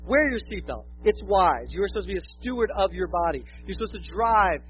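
A man's voice: sits high, expressive, brisk, muffled recording, a little hiss or hum. A man preaching a conversational, self-deprecating sermon, often acting out quotes. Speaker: pastor.

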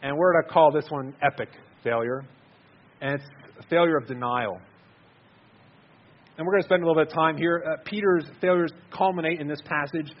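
A man's voice: a little high, a little fast, dull audio. A man giving an earnest, conversational sermon, repeating words as he stresses his points. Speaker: preacher.

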